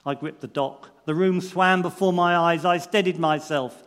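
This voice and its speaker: A man reading a first-person allegorical story with earnest, expressive narration. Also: on the high side, moderate pace. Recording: long reverb in a large hall.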